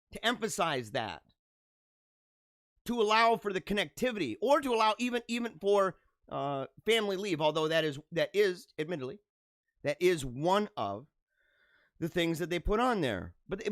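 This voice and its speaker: A man's voice: high voice, very animated, moderate pace, fairly bright tone, dry recording, studio quality. A man in his thirties hosting a podcast, giving casual political commentary in a sarcastic, mocking way and laughing at his own jokes. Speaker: podcast host.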